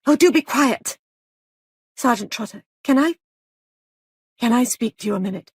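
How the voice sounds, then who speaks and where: A woman voicing an anxious young wife who pleads urgently and raises her pitch. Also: animated, normal speed, husky, no echo, studio quality.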